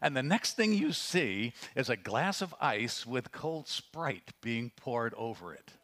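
A man's voice: medium pitch, very animated, slow, a bit bright. A man preaching a sermon in a conversational way, often hesitating with fillers and rising to emphatic questions. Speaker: pastor.

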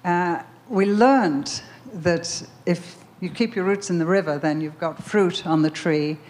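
A woman's voice: fairly low pitch, a little slow, a little mellow. A woman preaching a sermon, telling a story with emphatic repetition before leading a prayer. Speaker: speaker at a Bible conference.

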